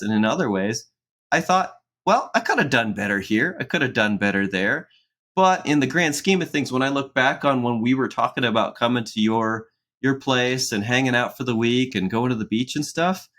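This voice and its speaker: A man of ordinary pitch talks loosely and at length in a relaxed podcast conversation. He restarts his sentences often and laughs lightly as he goes. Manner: rambling, with frequent restarts and soft laughs. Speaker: podcast co-host. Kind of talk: casual conversational podcast chat.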